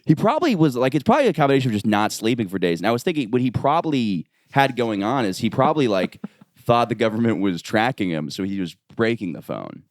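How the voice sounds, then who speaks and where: A man hosting a comedy podcast, telling stories in quick, animated casual chat. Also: mid-range voice, no room sound, clean studio sound. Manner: rapid, animated storytelling with frequent laughs and repeated "yeah". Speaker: podcast host.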